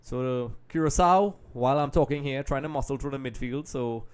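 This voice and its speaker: A man's voice: medium pitch, normal speed, darkish tone, smooth. Chatty man hosting a live match watch-along. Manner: chatty, talks straight to viewers as folks; distracted, multitasking while commenting. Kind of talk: casual live match commentary.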